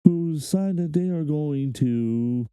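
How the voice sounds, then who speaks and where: A man's voice: fairly high pitch, takes it slowly, low-quality recording. A man hosting a reaction video, ranting heatedly and swearing often. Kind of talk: casual reaction commentary.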